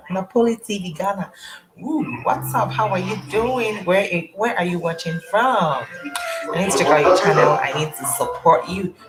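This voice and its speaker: A young woman with a fairly low voice at a moderate pace hosts a YouTube live stream from home at night, casually greeting viewers by name. Her family is watching a movie nearby, so movie sound and music create heavy background noise.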